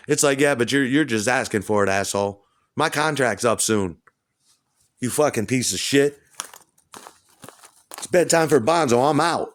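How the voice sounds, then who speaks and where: A man's voice: mid-range voice, lively intonation, normal speed, long pauses, a bit bright. A man at home delivering an agitated, profane, rambling rant. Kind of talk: rambling monologue to camera. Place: at home indoors.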